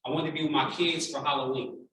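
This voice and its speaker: Bright-voiced man telling a heartfelt story in an echoey hall. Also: a little high, fast, distant mic, a little hiss or hum. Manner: heartfelt, animated storytelling with acted-out quotes. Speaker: keynote speaker. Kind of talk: personal storytelling keynote speech. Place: large conference room.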